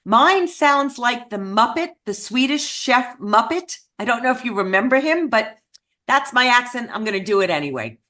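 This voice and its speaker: A woman's voice: on the high side, expressive, moderate pace, pushed and bright. A woman giving an earnest, self-deprecating talk to an audience about meeting a survivor. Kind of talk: speech to an audience.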